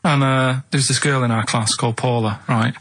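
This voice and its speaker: A man with a Mancunian accent telling a rambling story in a plain, deadpan way, speaking on a radio show in a studio. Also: mid-range voice, fairly quick. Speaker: radio regular. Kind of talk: casual storytelling chat.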